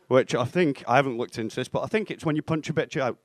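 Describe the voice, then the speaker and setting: A young man performing a stand-up set in a comedy club, with a deadpan, self-mocking delivery and acted-out bits of dialogue. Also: medium pitch, fast talker, no echo. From England (Stoke-on-Trent).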